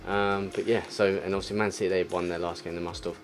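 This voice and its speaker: A young gaming YouTuber gives live commentary on his football video game in a low, flat voice, talking fast over music. He mutters, then erupts in frustrated exclamations, swinging between the two.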